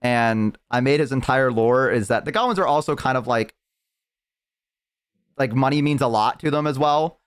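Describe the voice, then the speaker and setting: A man's voice: mid-range voice, moderate pace, smooth. A male streamer chatting casually, rambling on tangents as he tells a long story. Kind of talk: casual chat.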